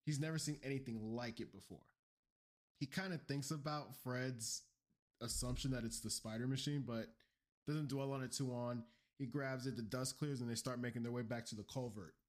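A man's voice: mid-range voice, moderate pace. Man animatedly recapping a story. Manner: energetic, rambling storytelling with slang. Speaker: podcast co-host. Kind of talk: casual lore recap chat.

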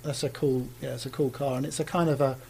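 A middle-aged Englishman, a car designer, telling stories in a casual interview, animated and often laughing, with frequent restarts. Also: mid-range voice, quick pace, creaky, a loud crowd.

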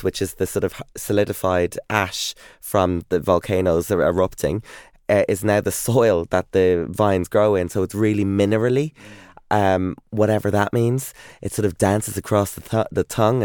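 An Irish man in his thirties tells travel stories in a relaxed, chatty way, full of fillers and restarts. His voice sits fairly low and sounds smooth and resonant, recorded close and dry. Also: no room sound. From Ireland. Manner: chatty, enthusiastic storyteller with many fillers and restarts. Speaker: guest. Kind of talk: casual interview chat.

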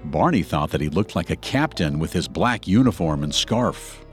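Deep, lively male narrator. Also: normal speed, faint music behind. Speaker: podcast co-narrator. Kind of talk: scripted narration.

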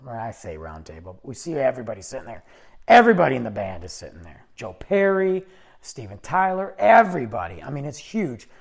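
A man hosts his podcast and tells a personal story in a casual, chatty way. His voice is a little husky and swings widely in pitch as he gets animated. Now and then he acts out the other people's lines. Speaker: podcast host.

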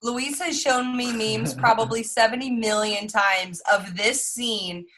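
A woman's voice: a little high, fairly even intonation, unhurried, a crowd in the background. A woman co-hosting a podcast, chatting about a movie and acting out her own reactions. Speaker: podcast co-host. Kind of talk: casual movie chat.

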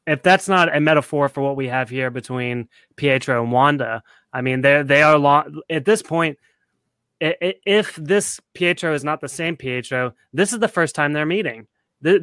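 A man's voice: on the high side, a bit bright, clean tone, no room sound. A man co-hosting a podcast in casual chat, laying out his theories step by step. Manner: analytical, lays out theories step by step. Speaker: podcast co-host.

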